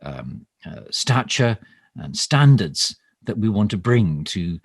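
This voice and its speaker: A man uses an exaggerated, slightly rough, low-ish voice, slow and sing-song, to portray a pompous government minister in an improvised comic mock live stream. Self-important and overly formal, the character rambles and stammers with ums and restarts. The sound is dry and clean, studio-grade.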